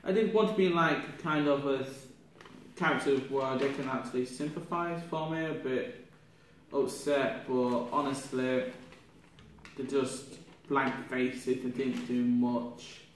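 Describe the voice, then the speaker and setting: A young man, a drama student, reflecting aloud on his performance in a halting, rambling way with many restarts, sounding ill with a cough. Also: mid-range voice, steady tone. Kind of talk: spoken self-reflection. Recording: echoey room from far off, faint noise.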